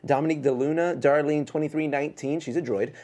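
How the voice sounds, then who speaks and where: A man co-hosting a casual entertainment talk show, joking and trying quick impressions. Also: a little high, steady tone, dark tone. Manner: jokey, tries quick impressions. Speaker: co-host. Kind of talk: casual chat.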